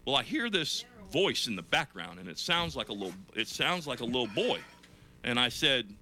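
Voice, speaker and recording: Bright-voiced middle-aged man telling a story. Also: medium pitch, moderate pace. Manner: animated storyteller, repeats "listen" and "you know". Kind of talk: casual chat.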